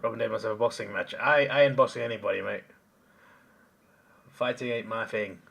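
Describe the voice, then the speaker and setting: A man's voice: fairly low pitch, fairly quick, creaky, a bit bright, slightly rough. A man hosting a live stream, chatting casually and answering chat comments as he rambles.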